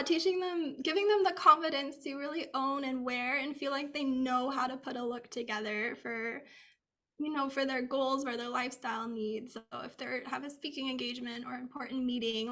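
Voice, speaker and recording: Woman stylist as interview guest: high, bright voice with some vocal fry, chatty and upbeat. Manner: chatty, upbeat, many "like" fillers. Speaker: capsule wardrobe stylist, guest. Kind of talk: casual interview answers. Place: Bay Area, US.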